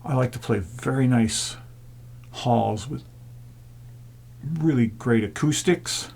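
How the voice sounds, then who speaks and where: A man of middle pitch with a gravelly, husky voice. He talks calmly about his gong playing and often sinks into a hushed whisper to draw the listener in. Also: slow pace. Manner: reflective, drops often into a soft whisper to show quiet sound. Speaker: gong player and sound healer. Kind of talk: casual talk to camera.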